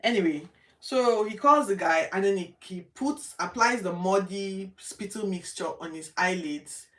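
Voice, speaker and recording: A woman from Nigeria casually retelling Bible stories from her home study, acting out the characters' lines with lively jumps in her voice. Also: medium pitch, measured pace, recorded from a distance. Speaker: host of a Bible reading show. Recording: roomy, from off the mic.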